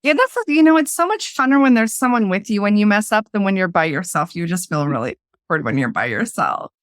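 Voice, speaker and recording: A woman's voice: mid-range voice, lively intonation, brisk, no echo, studio quality. A woman hosting a podcast in casual chat, talking freely and laughing often as she restarts her sentences. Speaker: podcast host.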